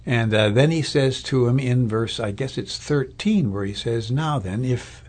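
A man who is a Lutheran pastor or Bible teacher preaches a sermon in a conversational, thoughtful way, with fillers and restarts. His voice is mid-range and a little mellow, and he speaks unhurriedly.

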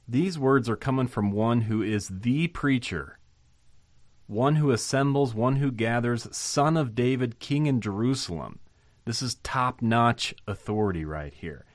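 A man's voice: medium pitch, expressive, a little slow, dry recording, studio quality. A man giving an informal Bible lesson, thinking aloud with fillers and restarts and rising to emphasize key points. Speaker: Bible teacher.

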